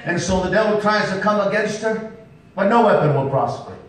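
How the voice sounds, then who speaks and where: A man's voice: animated, a little fast, a crowd in the background. A man preaching at a revival, telling stories with emphatic calls of "come on now" to the congregation. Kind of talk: revival sermon storytelling. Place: church sanctuary. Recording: echoey church hall from far off, faint rumble.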